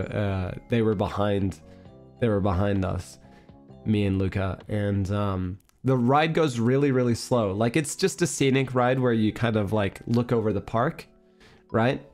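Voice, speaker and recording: Young male streamer, hoarse voice, rambling casual chat, faint music underneath. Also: fairly low pitch. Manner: rambling, animated storytelling with laughs. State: hoarse, recovering voice.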